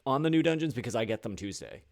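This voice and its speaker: A man's voice: mid-range voice, expressive, no room sound, clean studio sound. A tipsy man hosting a podcast, rambling and swearing as he sets up his stream in casual chat. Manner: rambling, swearing, halting restarts. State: drunk. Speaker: podcast host.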